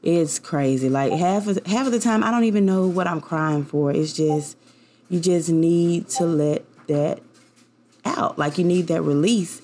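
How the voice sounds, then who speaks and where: In a fairly low, dark voice and a slightly slow delivery, a young podcast host shares a casual personal monologue. She rambles from the heart and uses plenty of fillers.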